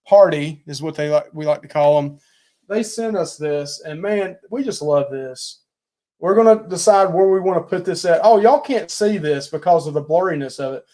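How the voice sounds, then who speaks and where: A man's voice: a little high, mellow. A middle-aged man co-hosting a live cooking and travel stream, chatting casually and rambling as he thanks viewers over and over.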